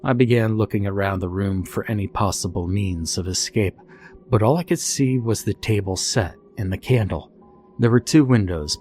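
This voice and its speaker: Low-voiced man narrating horror. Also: darkish tone. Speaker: storyteller.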